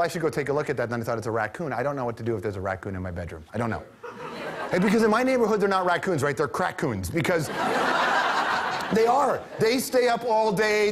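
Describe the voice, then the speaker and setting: Man, talk show host, comic storytelling, self-mocking, quick asides, faint noise. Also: fairly high pitch.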